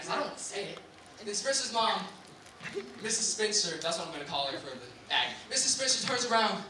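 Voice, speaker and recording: High-voiced young man doing stand-up. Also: quick pace. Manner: animated storytelling, jumps into shouts and laughing asides. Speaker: stand-up comedian. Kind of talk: stand-up set. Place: live comedy venue. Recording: echoey distant room mic, loud crowd and noise.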